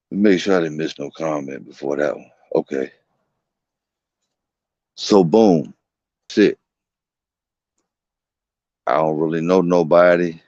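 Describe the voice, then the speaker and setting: A man's voice: sits low, a little mellow, dry recording. A man streaming from home, telling a long, rambling story in casual, slangy, profane talk. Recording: dull, dry lo-fi stream audio.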